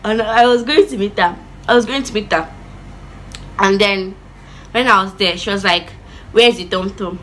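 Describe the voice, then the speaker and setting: A woman telling a childhood story in a chatty, animated vlog style with lots of asides. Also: mid-range voice, moderate pace, long pauses, a little hiss or hum, poor audio. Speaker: vlogger.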